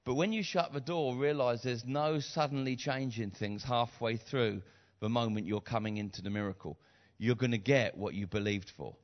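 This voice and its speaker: A middle-aged man preaching with lively storytelling, slipping into character voices and building to loud repeated cries. His voice sits in an ordinary middle pitch. The recording sounds a little dull and lo-fi. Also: moderate pace, few pauses. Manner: animated storyteller acting out voices, repeats phrases, builds to shouts. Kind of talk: sermon storytelling.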